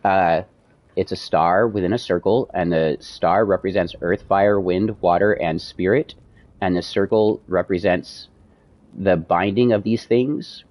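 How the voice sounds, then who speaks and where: A man's voice: sits low, unhurried. A man streaming, casually telling a long personal story, acting out the dialogue with plenty of swearing. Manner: animated, profane retelling with quoted dialogue.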